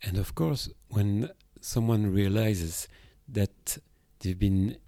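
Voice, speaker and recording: Low, mellow Belgian-French man, reflective. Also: takes it slowly, no echo, clean studio sound. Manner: reflective, with hesitations and restarts. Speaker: therapist. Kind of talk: podcast monologue on emotions.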